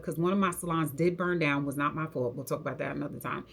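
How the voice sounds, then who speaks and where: A young woman tells her story straight to camera in a low voice. She talks in slang and keeps acting out what each person said, in an animated, lively way. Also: a little fast, hardly any pauses. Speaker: hair stylist telling her story.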